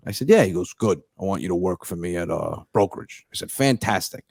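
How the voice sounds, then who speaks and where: A young man, a comedian guest, telling stories in casual chat, animated and profane, acting out what other people said. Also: sits low, fairly quick, few pauses, no room sound.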